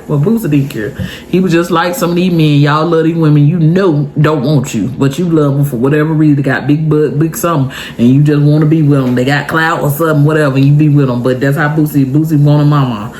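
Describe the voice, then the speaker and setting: A young woman vlogger telling a story to her viewers in a casual, animated and emotional way. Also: deep voice, brisk, a little hiss or hum.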